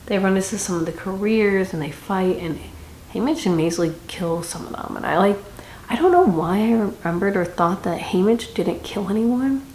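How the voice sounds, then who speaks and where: A woman's voice: mid-range voice, moderate pace, darkish tone. A young woman giving a casual, chatty book review with dramatic reactions and rambling asides. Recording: echoey room with faint noise.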